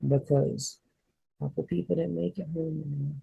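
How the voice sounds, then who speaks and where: A woman's voice: low-pitched, fairly even intonation, normal speed, creaky, narrow, tinny audio, a little hiss or hum. A woman, a spiritual reader telling an emotional personal story in a rambling, heartfelt way on her vlog.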